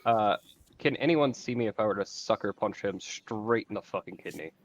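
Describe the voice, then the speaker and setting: A man's voice: lowish voice, moderate pace, highs cut off. A man playing a tabletop game, talking casually and joking. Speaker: player.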